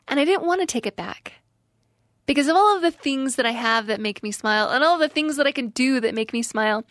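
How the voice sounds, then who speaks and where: A young woman speaks in a fairly high voice, earnest and emphatic as she gives an inspirational devotional talk to young listeners. The recording is close and dry, with no room sound around her. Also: no echo.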